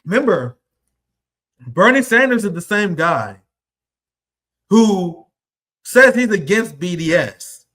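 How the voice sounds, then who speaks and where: A man's voice: high-pitched, very animated, slow, pauses often, a bit bright. A young man giving heated, profane political commentary, combative and mocking as he reacts to clips.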